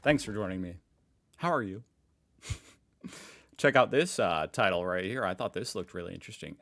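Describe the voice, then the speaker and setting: A man's voice: lowish voice, animated, moderate pace, fairly bright tone. Chatty American man reacting casually. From United States. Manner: chatty, curious, easily amused. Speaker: reaction video host.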